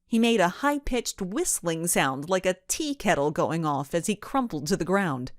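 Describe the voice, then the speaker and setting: A woman narrating a children's mystery audiobook in an expressive storytelling manner. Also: fairly low pitch, normal speed, dry recording, clean studio sound.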